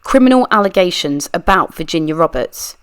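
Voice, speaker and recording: A true crime channel reader with a voice on the low side reads a deposition briskly and expressively. Her tone is clear and resonant, close to how she normally talks, as she voices a persistent adult lawyer pressing a witness with methodical questions.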